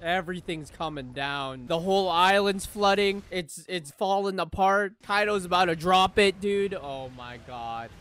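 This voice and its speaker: A young man reacting to an anime episode, swearing freely and shouting with excitement. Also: high-pitched, measured pace, hardly any pauses, clear, resonant tone, soft background music. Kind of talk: live reaction commentary.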